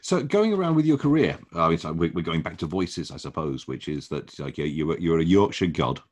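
Very deep husky male host. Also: sing-song. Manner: halting, repeats words as he hunts for a question. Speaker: podcast host. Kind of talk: casual interview chat.

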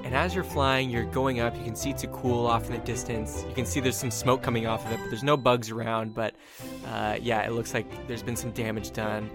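A man running a tabletop game, narrating in an easygoing, middle-pitched voice full of casual fillers. Music plays clearly behind him. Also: a little fast, few pauses. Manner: relaxed, loose narration with fillers. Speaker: game master.

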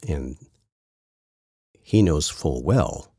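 A man's voice: low-pitched, sing-song, fairly quick, a little mellow, breathy edge, dry recording, studio quality. A man hosting a political podcast, talking in a rambling, sarcastic way with many restarts. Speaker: podcast host. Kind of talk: casual political commentary.

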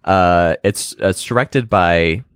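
A man's voice: low-pitched, takes it slowly, clean tone, no room sound, studio quality. A man co-hosting a podcast, chatting casually and hesitantly with many fillers. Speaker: podcast co-host. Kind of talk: casual chat about movies.

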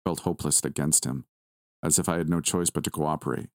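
A man narrating a first-person horror story in a measured, steady reading. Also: extremely low pitch, dry recording, clean studio sound.

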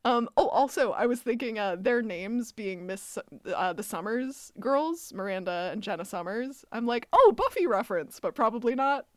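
A woman co-host with a somewhat high voice, talking through a TV episode casually and acting out scenes in mock dialogue. The sound is dry and close, with no room echo behind her. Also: moderate pace, few pauses. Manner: opinionated, quotes scenes in mock dialogue, laughs often. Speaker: podcast co-host. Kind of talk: casual chat recapping a TV episode. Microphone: remote call setup, each on own end.

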